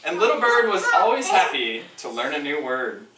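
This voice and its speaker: An author reading his picture book aloud to preschoolers at a school, animated and asking the children questions. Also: a little high, moderate pace. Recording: echoey room, from far off, loud noise.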